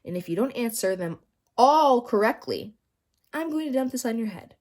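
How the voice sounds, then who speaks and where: A woman voicing a temperamental female schoolteacher in a children's audiobook, high and sharp, swinging from snapping to sweetly apologetic. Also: animated, normal speed. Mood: menacing. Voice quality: high, sharp and shouty when angry.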